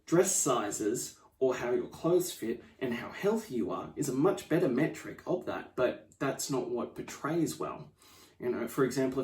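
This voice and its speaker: A man hosting a fitness podcast, telling client stories in an animated, chatty way and acting out the quoted dialogue. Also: mid-range voice, recorded from a distance. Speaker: podcast host and fitness professional. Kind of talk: storytelling monologue. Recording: roomy, off-mic room sound.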